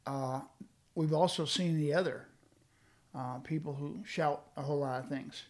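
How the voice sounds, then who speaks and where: A man's voice: on the high side, a little slow. An older man speaking reflectively in a conversational discussion, with frequent fillers and restarts. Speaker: guest speaking on leadership.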